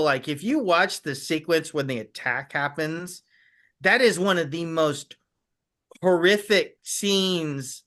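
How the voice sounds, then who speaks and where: Man, podcast guest, casual chat, eager rambling storyteller, bright tone, slightly high voice. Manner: eager, rambling storyteller who acts out quoted lines.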